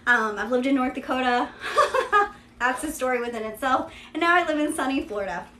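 A woman's voice: high-pitched, fairly quick, pushed and bright, roomy sound, a little hiss or hum. A woman from Kentucky with a Southern drawl, hosting a live-stream sales showcase in a chatty, upbeat way. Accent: Central Kentucky Southern drawl. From Kentucky, USA. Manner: chatty and upbeat, filler-heavy ("yeah", "there you go"). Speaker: host selling vintage luxury bags.

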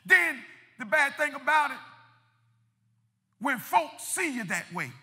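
A male pastor delivers a sermon in a church sanctuary, very animated and slow, his very high voice trailing off into long reverb. His passion builds into shouting and rolls on through rhythmic repetition.

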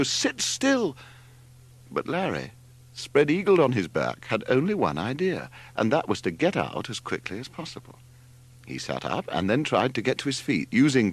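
Older guy narrating an audiobook, lowish voice that swings all over the place. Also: husky. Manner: expressive storytelling, wide swings in pitch. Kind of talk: scripted narration.

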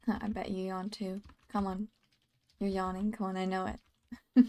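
A woman's voice: mid-range voice, steady tone, slow, pauses often, noisy background. A tired woman giving casual gameplay commentary, often half-whispering and mumbling to herself. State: sleepy and tired. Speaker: gaming channel host.

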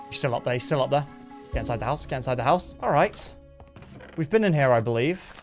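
A young man giving excitable, jumpy gameplay commentary, yelping when startled and talking to his horse. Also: mid-range voice, quick pace, music in the background. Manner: jumpy, excitable, talks to his horse, sudden yelps of fright. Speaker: gaming YouTuber.

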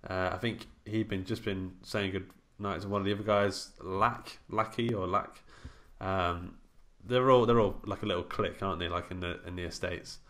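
A British man with a fairly low voice talks casually on a podcast, recapping a film's plot in rambling stretches full of fillers. He speaks in an easygoing, conversational way. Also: fairly even intonation, moderate pace, hardly any pauses, a bit bright. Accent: British English. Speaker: podcast co-host. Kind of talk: casual film discussion.

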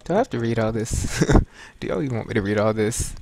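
A man's voice: lowish voice, lively intonation, fairly quick, darkish tone, no room sound. A young man doing casual, jokey let's play commentary, full of slang. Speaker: gamer.

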